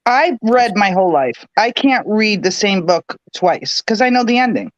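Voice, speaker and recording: A woman's voice: mid-range voice, very animated, moderate pace, dry recording. A woman co-hosting a podcast, chatting in a matter-of-fact way between laughs. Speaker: podcast co-host. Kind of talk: casual chat. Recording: dull lo-fi sound.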